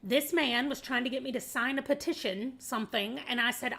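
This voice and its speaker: A woman's voice: on the high side, lively intonation, moderate pace, bright, forceful tone. A woman from Arkansas with a Southern US accent, chatting casually to her viewers in a rambling way, laughing often and calling them y'all. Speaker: booktuber. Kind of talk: casual chat to camera.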